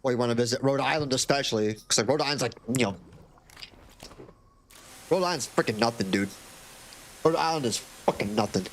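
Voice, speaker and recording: A man's voice: mid-range voice, a little fast, pauses often. A young man from Florida chatting casually on a live stream into a desk mic, rambling and joking with occasional swearing. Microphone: desk microphone.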